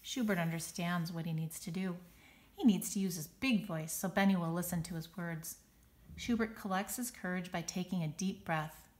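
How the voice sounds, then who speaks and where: A woman reading a children's picture book aloud, expressive and dramatic on the sound words. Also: on the low side, normal speed. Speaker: storybook reader.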